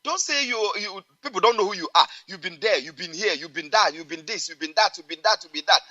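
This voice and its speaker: A man's voice: high voice, lively intonation, quick pace, bright, forceful tone, highs cut off. A man with a Nigerian accent calling into a radio show, speaking in a preachy, emphatic way and repeating phrases. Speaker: caller.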